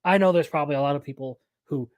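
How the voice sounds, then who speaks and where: A man's voice: on the high side, fast, no echo. A young man hosting a live anime news stream, talking casually and rambling, often correcting himself mid-sentence.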